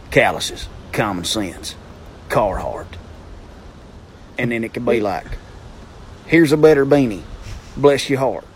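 A folksy good old boy with a husky voice and an easy drawl, as a man puts him on. He sounds homespun and plainspoken. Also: medium pitch, a little mellow.

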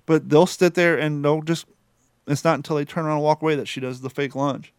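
Rambly guy cussing a lot, smooth clean voice, dry sound. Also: on the high side, steady tone, fairly quick, no room sound. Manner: rambling, swears freely. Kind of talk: casual chat.

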